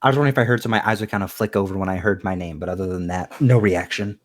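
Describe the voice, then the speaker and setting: A man with a lowish voice talks through his character's reactions in loose, rambling sentences. He pads his explanations with likes and ums in casual table chat. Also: very fast. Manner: rambling, explains with many fillers. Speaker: player.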